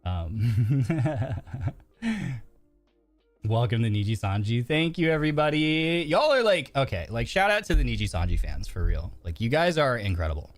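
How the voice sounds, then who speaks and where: This virtual streamer has a mid-range, sing-song voice at a moderate pace, recorded with no room sound. In his casual live-stream chat he's nervous, earnest and openly emotional, rambling through many fillers as faint music plays.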